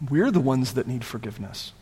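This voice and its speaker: A man preaching a sermon as pastor, conversational and animated, often repeating words as he goes. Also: medium pitch, fairly quick, husky, big-room sound.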